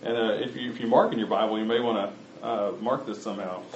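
A man's voice: fairly low pitch, fairly even intonation, fast, slight background noise. A man preaching a sermon, talking conversationally and speaking directly to his congregation. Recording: roomy, slightly muffled recording.

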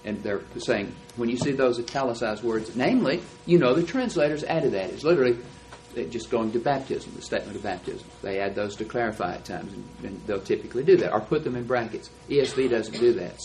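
A man's voice: medium pitch, brisk, a little mellow, rough recording. A man teaching a Bible class, explaining texts in an emphatic, lecturing way. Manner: emphatic, explanatory, stresses key words.

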